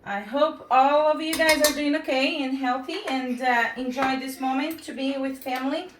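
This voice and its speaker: Home baking teacher, woman with a foreign accent; halting and apologetic, lots of fillers, echoey kitchen. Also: high-pitched, noisy background. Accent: non-native English. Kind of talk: casual cooking demonstration. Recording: echoey kitchen, mic far off.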